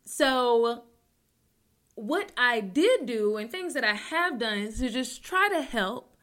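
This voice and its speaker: A young adult woman hosting her own talk show, rambling with many restarts, joking to deflect, swinging between loud bursts and soft mumbles. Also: a little high, animated, takes it slowly. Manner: rambling, self-interrupting, jokes to deflect. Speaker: podcast host. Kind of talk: casual personal talk show.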